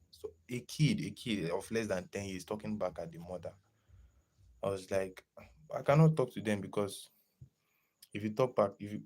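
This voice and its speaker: A young man chatting casually on a live stream, lively and greeting viewers in the chat as he talks. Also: low voice. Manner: animated, greets chat viewers, slips into pidgin.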